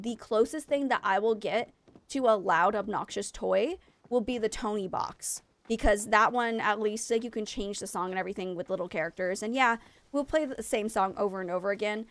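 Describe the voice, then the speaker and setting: A former teacher and mother chats with her stream viewers during a game, speaking at medium pitch and a little fast. Her talk is animated and wandering, with lots of filler words.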